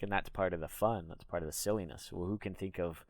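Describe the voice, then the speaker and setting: A man streaming a casual solo talk, rambling and breaking into loud laughs to demonstrate. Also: low-pitched, fairly quick, no room sound.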